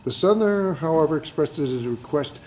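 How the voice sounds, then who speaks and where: Male student reading a commentary in class, mellow tone, plain and even. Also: fairly high pitch, fast talker, a little hiss or hum, rough recording.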